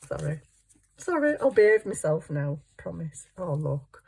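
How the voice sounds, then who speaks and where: A woman's voice: deep voice, sing-song, slow, gravelly, pauses often, a little mellow, husky. An older woman, a grandmother, chatting casually and giggling as she crafts for her channel. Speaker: craft vlogger. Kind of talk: casual chat while crafting.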